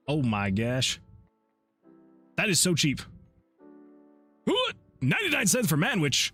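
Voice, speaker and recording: A man's voice: on the high side, huge pitch swings, slow, pauses often, a bit bright, faint music behind. A man, an indie game developer, chatting casually on a livestream into a desk microphone, reading chat messages aloud and chuckling often. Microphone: desktop USB microphone.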